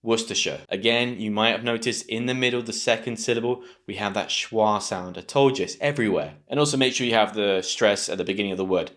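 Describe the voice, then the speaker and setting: A man with a British accent giving an online English pronunciation lesson, patient and clear, slowing down to drill each sound. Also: fairly low pitch, fairly bright tone.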